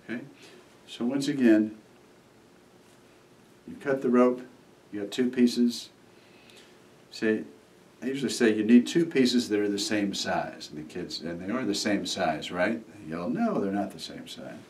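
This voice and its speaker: A low-pitched man talks through a magic trick in a relaxed, offhand way, stopping now and then to voice the kids' heckling. He sounds a little distant from the microphone, as if it sits across the table. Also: a little slow, pauses often. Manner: relaxed, acts out the kids' replies while demonstrating. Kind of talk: casual how-to explanation.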